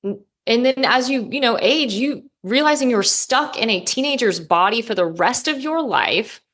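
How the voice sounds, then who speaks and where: A woman's voice: on the high side, lively intonation, normal speed, fairly bright tone. A woman and parent co-hosting a casual podcast, talking emphatically about a show's emotional scenes. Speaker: podcast co-host. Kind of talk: casual pop-culture discussion.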